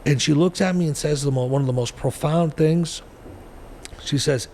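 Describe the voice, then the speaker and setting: A man in his forties telling his story as a podcast guest, in a blunt, profane and animated way. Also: on the high side, normal speed, in a large hall, slight background noise. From New Hampshire, US. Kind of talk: storytelling interview.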